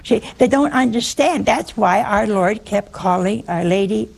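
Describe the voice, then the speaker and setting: A woman's voice: mid-range voice, measured pace, vocal fry, a little mellow, slightly rough. A woman preaching a humorous sermon in a wry, teasing way, often putting questions to her listeners.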